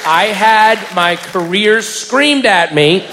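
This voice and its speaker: Man, stand-up storyteller, high voice, live hall echo, crowd laughing behind. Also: slow. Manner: animated, acts out voices, shouts punchlines. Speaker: stand-up comedian. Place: comedy venue before a live audience. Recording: live room with long reverb and crowd. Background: audience laughter and crowd noise.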